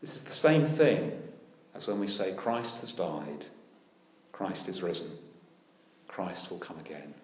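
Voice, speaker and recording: A man preaching a sermon, animated and full of rhetorical questions with dry humour. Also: low-pitched, unhurried, echoey room. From United Kingdom. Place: church.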